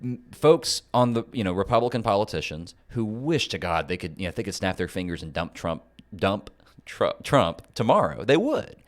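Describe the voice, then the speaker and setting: A man from North Carolina co-hosting a casual political podcast, talking in an animated way and often restarting his sentences. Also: lowish voice, moderate pace. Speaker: podcast co-host.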